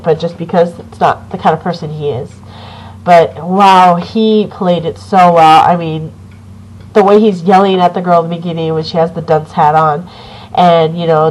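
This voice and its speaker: Woman rambling thru a horror movie review, excited, cusses a lot, says like and you know nonstop. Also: fairly low pitch, slight background noise, rough recording. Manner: rambling, excited, swears a lot, many fillers. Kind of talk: casual video review.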